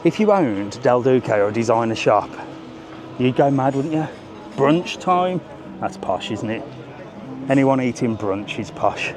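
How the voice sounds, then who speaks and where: A man with a mid-range voice and lively intonation live-streams a walking tour along a busy resort seafront, unhurried, with music in the background. He's chatty and jokey, swearing casually now and then, while faint street and traffic noise drifts in.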